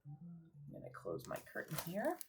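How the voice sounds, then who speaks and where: A young woman teacher reading a picture book aloud to children in a rhythmic, expressive way, pausing to ask them questions. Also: low-pitched, noisy background. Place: cozy room at home.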